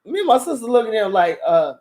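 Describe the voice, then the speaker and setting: A woman, casually telling a story to her channel, profane and animated and often laughing. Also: fairly high pitch, quick pace. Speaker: channel host.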